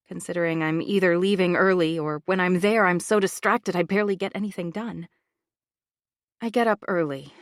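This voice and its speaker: A woman narrating a first-person thriller audiobook with an expressive, emotional delivery. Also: medium pitch, dry recording, studio quality.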